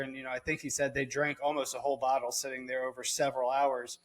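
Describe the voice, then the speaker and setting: A man co-hosting a podcast in casual chat, adding calm recollections and short agreements. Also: medium pitch, quick pace. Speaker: podcast co-host.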